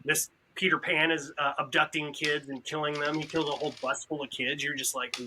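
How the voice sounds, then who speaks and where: A man in a casual podcast chat, an animated storyteller who acts out what others said. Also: a little high, brisk, hardly any pauses, slight background noise. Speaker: podcast participant.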